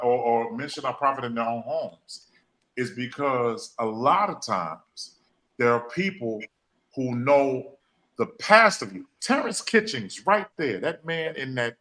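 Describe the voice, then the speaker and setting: A man's voice: medium pitch, sharp tone, rough recording. A man hosting a podcast, speaking, repeating phrases and using folksy slang. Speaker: podcast host. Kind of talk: emotional motivational talk.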